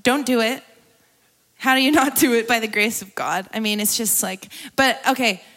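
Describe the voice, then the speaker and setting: Casting: young woman, bright, slightly high voice, candid conversational testimony sermon. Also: normal speed. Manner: candid, conversational, laughs often, tearful at times. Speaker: guest speaker at a church gathering.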